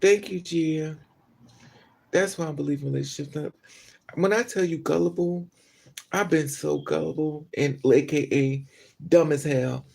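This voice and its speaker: Woman vlogger, husky gravelly voice, profane and gossipy, animated storytelling. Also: deep voice, a little slow, long pauses. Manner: animated, laughs often between remarks. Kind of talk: casual vlog monologue.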